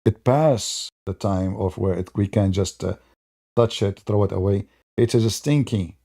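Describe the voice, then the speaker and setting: Man, gravelly, sarcastic debate-show host with a mellow, dark tone. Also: measured pace, no room sound, studio quality. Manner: mocking, sarcastic, imitates opponents in high voices. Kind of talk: polemical monologue.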